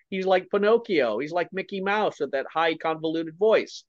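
A man giving forceful, opinionated political commentary, often repeating words and swinging from low mutters to emphatic punches. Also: animated, moderate pace, few pauses, no room sound, highs cut off.

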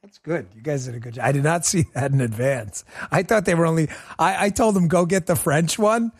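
A man's voice: a little high, animated, a little fast, husky. A man hosting a political talk show, delivering a combative, mocking monologue with lots of repetition.

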